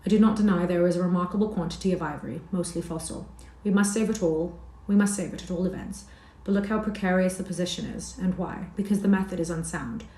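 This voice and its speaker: Prim, calculating company manager, voiced by a woman narrator, low mellow tone. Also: fast talker, few pauses, lightly acted. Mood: scheming. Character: scheming self-serving male station manager. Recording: roomy echo.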